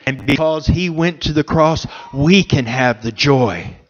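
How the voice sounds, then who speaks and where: A man preaching a sermon in a church, speaking slowly and earnestly with pauses between phrases. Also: fairly high pitch, lo-fi sound. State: emotional, choked up. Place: church sanctuary.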